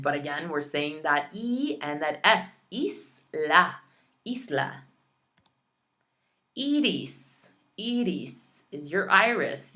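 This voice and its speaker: Slow-spoken, low-voiced woman teaching Spanish. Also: a bit bright. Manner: slow, careful enunciation of practice words; chatty, playful asides. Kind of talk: online language lesson.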